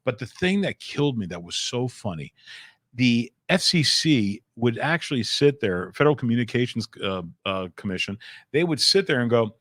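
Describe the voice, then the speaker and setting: A middle-aged man, a comedian guest telling energetic stories in a small studio, laughing and swearing casually. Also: mid-range voice, moderate pace, no echo. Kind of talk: animated storytelling chat.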